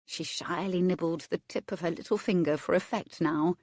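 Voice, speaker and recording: A woman reading a romance novel aloud as its narrator, measured and expressive. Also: on the low side, no room sound, studio quality. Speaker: audiobook narrator.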